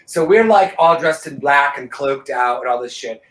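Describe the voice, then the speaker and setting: Lively bright-voiced man telling stories. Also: mid-range voice, normal speed, echoey room, rough recording. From Los Angeles. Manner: animated, profane, does voices in anecdotes. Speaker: podcast co-host. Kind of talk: casual chat storytelling.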